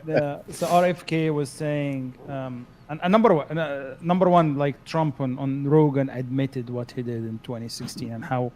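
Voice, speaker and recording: A man's voice: mid-range voice, steady tone, moderate pace, hardly any pauses, darkish tone, a little hiss or hum. A man on a casual stream panel who speaks hesitantly with many fillers and laughs at himself. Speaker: panel guest.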